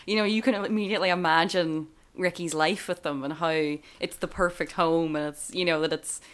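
Chatty, low-voiced woman discussing films. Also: fairly even intonation, a little fast. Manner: chatty, laughs often, trails off with fillers. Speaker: podcast co-host. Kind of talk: casual film discussion.

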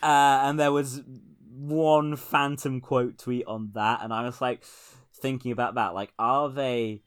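A man's voice: medium pitch, fairly even intonation, takes it slowly, smooth. A man co-hosting a casual political podcast, wry and rambling, often laughing at his own jokes. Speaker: podcast co-host.

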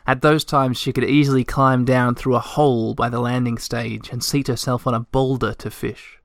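A man reading a storybook aloud with gentle, measured narration. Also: mid-range voice, flat delivery, creaky, no echo, clean studio sound.

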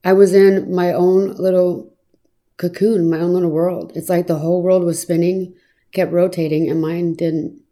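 A woman tells her own story with an earnest, reflective manner, her voice sitting a little low. The tone is mellow and soft-edged, and she pauses now and then on small fillers as she thinks back. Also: level tone. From Arizona, US. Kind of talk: personal testimony, reflective storytelling.

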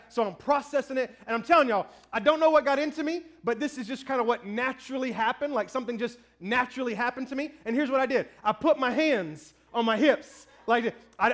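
Pastor, man, 30s, very high voice, lively storyteller who pokes fun at himself. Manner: storytelling, animated, self-mocking. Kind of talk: sermon.

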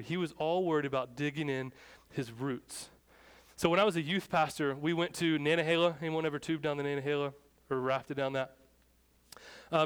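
Casual storytelling preacher, a man. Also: a little high. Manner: casual, storytelling, acts out shouted dialogue. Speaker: pastor. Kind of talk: sermon.

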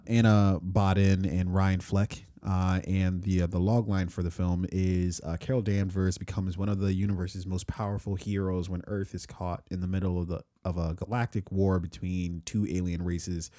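A man's voice: deep voice, fairly even intonation, unhurried, mellow, no room sound, studio quality. A man co-hosting a casual podcast, laid-back and swearing offhandedly. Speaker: podcast co-host.

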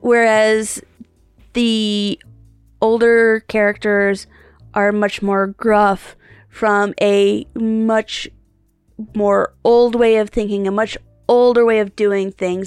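A woman co-hosting a podcast in casual chat, thinking aloud in a halting way and often rephrasing herself. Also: medium pitch, smooth, no echo. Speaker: podcast co-host.

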